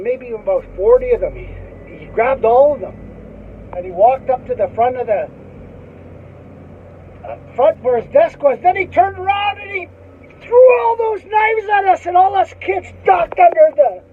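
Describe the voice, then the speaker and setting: A man with a Canadian accent telling a rambling school anecdote, chuckling often and ending his lines with "eh". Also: sits high. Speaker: storyteller. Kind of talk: casual anecdote. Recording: tinny phone-like line with faint noise.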